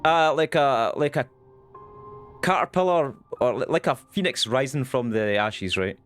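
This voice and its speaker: A man's voice: mid-range voice, lively intonation, measured pace, soft background music. A young Scottish man chatting casually on his live stream, rambling and swearing now and then. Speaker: Twitch streamer.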